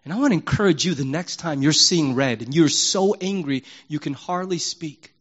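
Animated male pastor, slightly high voice. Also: normal speed, lo-fi sound. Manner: animated, emphatic preaching that swings between loud and hushed; conversational and candid, acts out prayers in his own voice. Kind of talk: sermon.

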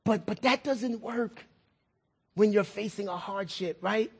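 A man's voice: high voice, measured pace, vocal fry, breathy edge. A middle-aged male pastor preaching a sermon in a conversational way, repeating words and asking the congregation questions.

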